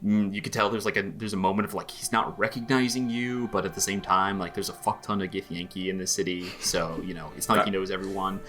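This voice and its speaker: A man's voice: low voice, steady tone, quick pace, few pauses, over music. A man running a tabletop game as game master, narrating loosely with lots of fillers and restarts.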